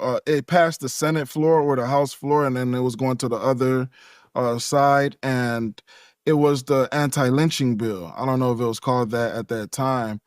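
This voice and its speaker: A man's voice: medium pitch, no echo, clean studio sound. A man being interviewed, talking in a casual, rambling way and laughing often. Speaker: interview guest.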